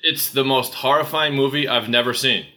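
A man's voice: medium pitch, moderate pace, sharp tone. A man co-hosting a podcast in casual banter, rambling and jokey, often breaking off mid-sentence. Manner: rambling, self-interrupting, jokey. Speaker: podcast co-host.

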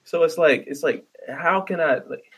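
A man's voice: a little high, moderate pace, fairly bright tone, breathy edge. A man delivering a profane, exasperated comedic rant with stammering restarts. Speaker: vlogger ranting.

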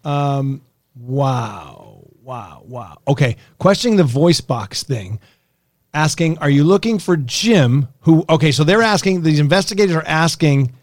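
A man hosts a casual podcast chat with a slightly high, lively voice, recorded dry and close on a studio mic. He reacts loudly and excitedly as he talks through recordings. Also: measured pace, no echo. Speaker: podcast host.

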